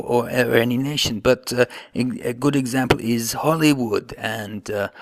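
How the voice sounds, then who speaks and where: A man voicing an undying vampire count who speaks formally and slowly. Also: mid-range voice, fairly bright tone, no echo. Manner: formal, elaborate phrasing.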